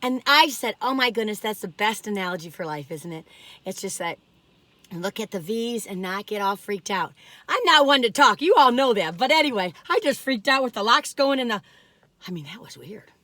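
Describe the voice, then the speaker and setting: A woman's voice: medium pitch, expressive, moderate pace, a bit bright, no room sound. A woman vlogging alone from her parked car, rambling through stories and exclaiming often. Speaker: food review vlogger. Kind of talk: chatty solo vlog.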